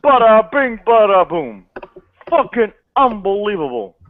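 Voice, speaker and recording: A woman voicing a swaggering, vulgar male stand-up comic, loud and crude. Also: medium pitch, sing-song, a little slow, phone-quality sound, slight background noise, voice pushed up. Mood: brash.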